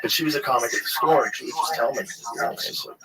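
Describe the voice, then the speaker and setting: A stand-up comedian and host tells stories in a loose, casual chat, speaking rapid-fire at a medium pitch. He rambles, uses lots of fillers, and swears freely, over a noisy crowd with poor audio quality.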